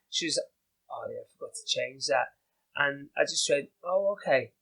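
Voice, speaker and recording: British man, somewhat high voice, bright tone, rambling casual storytelling. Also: moderate pace, creaky, poor audio. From Britain. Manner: rambling, many fillers and restarts. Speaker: ultra-distance runner, podcast guest.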